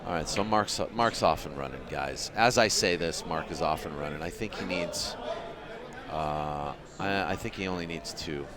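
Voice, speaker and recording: A man's voice: low-pitched, moderate pace, a crowd in the background. A man giving casual live play-by-play commentary on a pool match, chatting and joking with his viewers.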